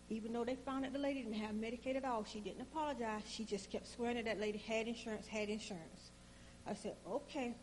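A woman tells a personal story in a relaxed, chatty way. Her voice sits a little high and gets animated as she plays each side of the conversation. A faint hum runs underneath. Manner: animated, acts out both sides of the conversation.

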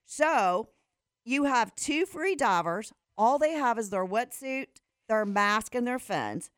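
A woman's voice: fairly high pitch, expressive, takes it slowly, clean tone, dry recording, clean studio sound. A woman presenting a sports segment on the radio, chatting and giggling as she explains a story. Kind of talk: casual radio chat.

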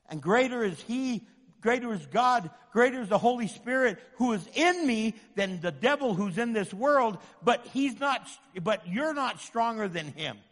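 A man preaching with fervor, driving his points home through repetition and voicing the doubts of his listeners. His voice sits high for a man. It rings out with a long reverb. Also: fairly bright tone. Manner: impassioned, repetitive preaching with acted inner voices. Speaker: pastor. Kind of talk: sermon.

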